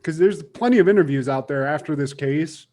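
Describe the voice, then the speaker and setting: A man's voice: a little high, fairly quick, darkish tone, slight background noise. A young man co-hosting a podcast, chatting casually and animatedly, swearing and acting out quotes as he tells a story. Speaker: podcast co-host.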